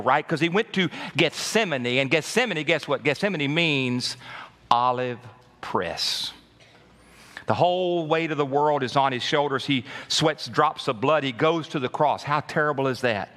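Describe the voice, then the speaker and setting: Bright-voiced preacher in a reverberant hall. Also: male voice, fairly high pitch. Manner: animated preaching with call-outs to the congregation. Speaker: pastor. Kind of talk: sermon. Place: church sanctuary. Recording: long reverb of a large hall.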